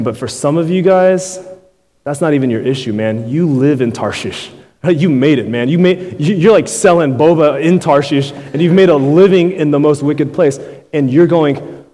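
Young male pastor, laid-back slangy sermon, warm low-bright tone, hall reverb. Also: moderate pace. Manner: casual slangy preaching, many rhetorical "right?" asides.

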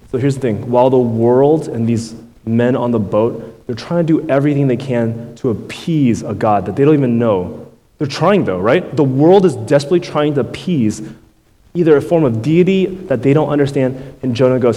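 Young male pastor, laid-back slangy sermon, warm low-bright tone, hall reverb. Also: lively intonation, normal speed. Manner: casual slangy preaching, many rhetorical "right?" asides.

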